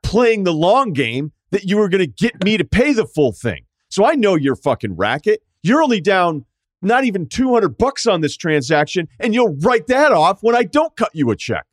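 A man's voice: high voice, normal speed, dry recording, studio quality. A middle-aged man hosting a podcast, telling stories in casual chat with lots of swearing and acted-out quotes. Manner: profane, animated storytelling with acted-out quotes. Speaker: podcast host.

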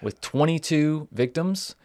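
A man's voice: a little high, lively intonation, a little slow, mellow, no room sound, clean studio sound. A man hosting a podcast, telling the story in casual chat with joking asides. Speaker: podcast host.

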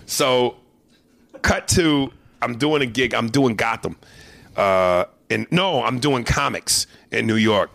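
Gravelly profane man telling stories. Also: on the low side, unhurried, no echo. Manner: profane, animated storyteller. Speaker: podcast host and comedian. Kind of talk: casual podcast storytelling.

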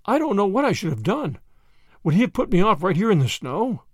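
A man's voice: sits high, very animated, normal speed, dry recording, clean studio sound. A man voicing a fretful, chatty old grandmother who talks in a tremulous, anxious way. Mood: relieved.

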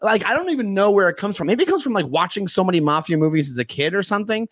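Animated high-voiced man on a podcast. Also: very fast, no echo, clean studio sound. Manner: animated, laughs often, trails off and restarts. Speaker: podcast co-host. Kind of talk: casual chat.

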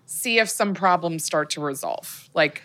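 A woman's voice: sits low, animated, measured pace, fairly bright tone. A woman co-hosting a podcast, chatting casually with wry reactions and short agreements. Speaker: podcast co-host.

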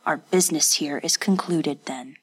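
A woman voicing a scheming male feudal lord in a hushed, muttered whispered role-play. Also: sits low, moderate pace, slightly rough.

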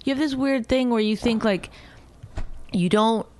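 A woman's voice: a little high, unhurried, no room sound. Woman podcast co-host, middle-aged, teasing, exaggerating, dry close recording. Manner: exaggerating, teasing, animated retelling. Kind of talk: casual bickering chat.

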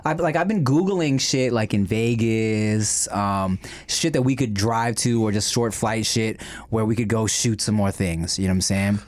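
A man's voice: lowish voice, normal speed. A man co-hosting a casual podcast over food, talking in a laid-back, profane, slangy way. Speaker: podcast co-host.

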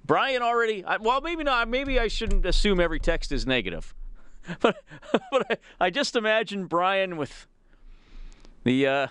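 A man hosting a sports radio show, reading listener texts and chatting in a relaxed, self-amused way. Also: high-pitched, moderate pace, smooth, dry recording. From Alberta, Canada. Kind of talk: casual radio talk. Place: radio studio. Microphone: studio microphone.

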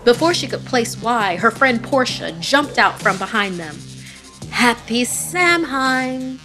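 A woman giving scripted, dramatic narration of a horror story, dropping to a hush in tense moments. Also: fairly high pitch, expressive, moderate pace, over music.

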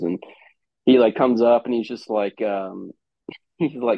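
Speaking fairly low and a little fast, this guest on a casual podcast spins rambling stories from his days as a college ballplayer. He gets animated and plays out the quoted back-and-forths himself. The audio is dry, dull and lo-fi.

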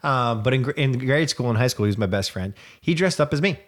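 A man's voice: medium pitch, expressive, fast talker. A man co-hosting a podcast in casual chat, telling stories with a joking tone. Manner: joking, storytelling. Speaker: podcast co-host.

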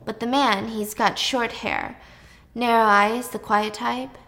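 A woman's voice: on the high side, steady tone, slow pace, sharp tone. A woman retelling a plot in a casual, chatty way, full of asides. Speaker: plot recapper. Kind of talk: casual storytelling recap.

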